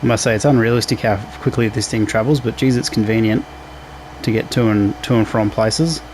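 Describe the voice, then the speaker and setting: A man hosting a casual let's play, relaxed and talking through each task as he plays. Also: fairly low pitch, fairly quick, a little hiss or hum. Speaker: gaming channel host.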